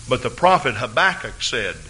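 A man preaching a fervent sermon as pastor of his church, rising to excited peaks. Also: mid-range voice, husky.

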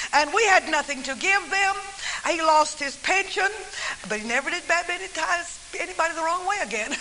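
A woman preaching from the pulpit in the form of a story. Her tone is earnest and homespun, and her voice is very bright with a sharp, forward edge. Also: high-pitched, slight background noise, low-quality recording. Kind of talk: storytelling sermon.

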